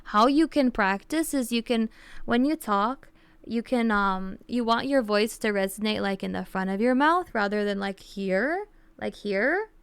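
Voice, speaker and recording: A woman's voice: a little high, normal speed, smooth, no echo. A young woman streaming live, chatting casually with viewers and explaining things in a rambling way full of "like" and restarts.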